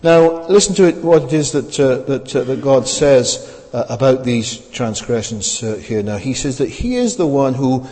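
A man's voice: medium pitch, normal speed, a little mellow, big-room sound. A man preaching a sermon with emphasis, often repeating his phrases and putting questions to his listeners.

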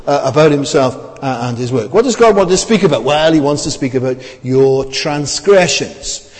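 A man's voice: fairly high pitch, darkish tone, big-room sound. A man preaching a sermon with emphasis, often repeating his phrases and putting questions to his listeners.

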